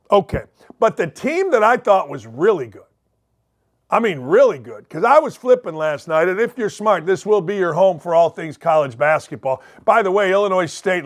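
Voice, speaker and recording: A middle-aged man hosts a sports talk show in a casual monologue. His voice sits high for a man. He rambles, cracks jokes and drifts off topic before coming back. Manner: rambling, joking, digressive.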